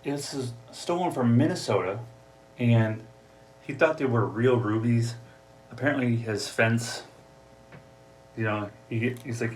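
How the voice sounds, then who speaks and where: A man's voice: mid-range voice, a little slow, long pauses, slight background noise. A man with an Upper Midwest American accent hosting a casual solo podcast from his home office, jokey and talkative. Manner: chatty, jokey, acts out voices for gags. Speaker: podcast host. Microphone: desk mic, also streaming live.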